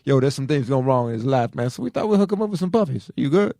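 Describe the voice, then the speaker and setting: A man's voice: medium pitch, animated, quick pace, warm tone, no room sound, clean studio sound. A man co-hosting a comedy podcast, riffing in streetwise slang and saying "man" constantly. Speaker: podcast co-host.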